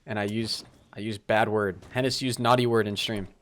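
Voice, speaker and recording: Chatty male game streamer. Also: fairly low pitch. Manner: lively, talks straight to chat, quick apologies. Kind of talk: live gameplay commentary and chat shout-outs.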